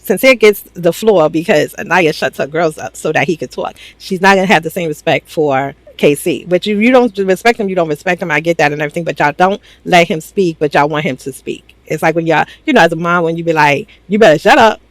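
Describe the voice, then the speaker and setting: Woman, sassy reality-TV recapper, animated and blunt, dry close mic. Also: deep voice, a little fast, hardly any pauses, dry recording. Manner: animated, sassy, laughs often, swears. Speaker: reality TV commentator. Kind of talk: casual recap commentary.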